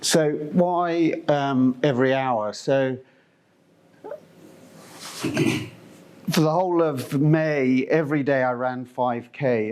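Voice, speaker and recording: A man's voice: medium pitch, a little mellow. A middle-aged man from Zimbabwe giving a conference presentation, chatty and meandering, with lots of fillers and restarts. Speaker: company presenter.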